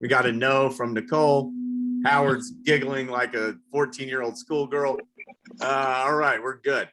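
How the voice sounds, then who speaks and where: A man's voice: medium pitch, steady tone, background noise. A man from the American South doing a stand-up comedy set, working the crowd and swearing freely. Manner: crowd work with drawn-out impressions, profane. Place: comedy venue with a live audience.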